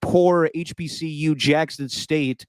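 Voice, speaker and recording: A man's voice: on the high side, fairly even intonation, takes it slowly, smooth, dry recording. A man co-hosting a podcast, giving his opinions in casual sports chat and laughing often. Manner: opinionated, laughs often, does mock impressions. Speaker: podcast co-host.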